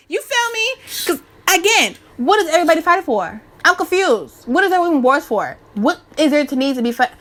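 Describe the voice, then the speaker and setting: A woman in her twenties giving a casual, slangy spiritual rant to her viewers, animated and preachy with many restarts. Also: sits high, brisk, few pauses. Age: 20s. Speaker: spiritual vlogger.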